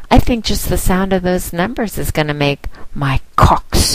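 A woman's voice: on the low side, lively intonation, normal speed, hardly any pauses, no room sound, rough recording. A woman speaking as a dominant mistress, with a teasing, commanding manner in a casual monologue aimed at one listener. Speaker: phone domination mistress promoting her line.

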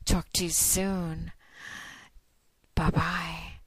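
Slow, teasing woman podcaster. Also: on the low side, level tone, a bit bright, husky, no echo, rough recording. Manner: slow, teasing, drawn-out delivery with sighs. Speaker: podcast host. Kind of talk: adult podcast monologue.

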